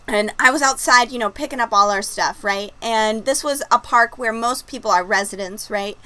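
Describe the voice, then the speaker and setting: A woman's voice: a little high, moderate pace, bright, forceful tone, poor audio. A woman, hosting a video-call chat and telling stories with a laugh. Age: 30s. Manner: chatty, laughing storyteller. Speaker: host. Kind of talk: casual livestream chat.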